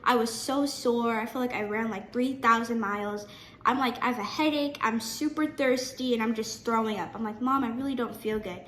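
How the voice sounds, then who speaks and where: A teenage girl telling a personal story to her camera in a chatty, animated way, often restarting her sentences. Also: on the high side, moderate pace, roomy sound, a little hiss or hum. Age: teen. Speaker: vlogger.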